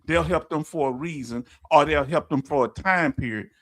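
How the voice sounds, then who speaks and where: A man's voice: a little high, normal speed, a bit bright. A man with a Southern US accent hosting a casual livestream. He reads viewer comments aloud, laughs easily and stumbles over words. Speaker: livestream host.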